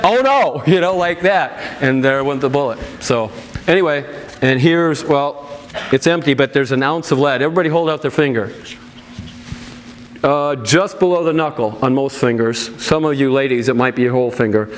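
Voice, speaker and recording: A man's voice: normal speed, slight background noise. A male pastor speaking to an audience and reading a family's account aloud, with earnest, emotional storytelling and plain asides. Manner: earnest, emotional storytelling with loud raised-pitch quotes.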